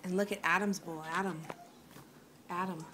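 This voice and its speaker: A woman's voice: on the low side, fairly even intonation, moderate pace, fairly bright tone, a little hiss or hum. A woman filming her little boys at the dinner table, narrating a home video and coaxing the toddlers in a sing-song voice. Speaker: parent filming her children.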